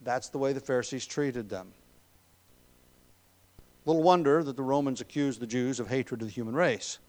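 A man preaching an expository sermon as a pastor, emphatic on key words, with frequent ums and throat clearing. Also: medium pitch, normal speed, darkish tone.

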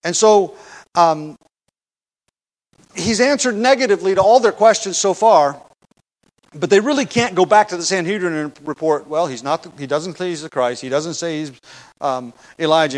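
A man teaching a Bible passage in a conversational sermon, with restarts and rhetorical questions. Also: a little high. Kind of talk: expository sermon.

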